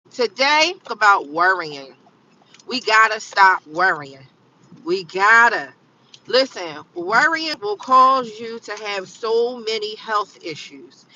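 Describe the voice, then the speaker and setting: A woman's voice: mid-range voice, sharp tone, distant mic, a little hiss or hum, low-quality recording. A tired woman in her fifties, live-streaming from her car on the way to work and chatting casually as she repeats her phrases over and over. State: tired and yawning. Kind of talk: casual live-stream chat while driving. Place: inside a car on the road.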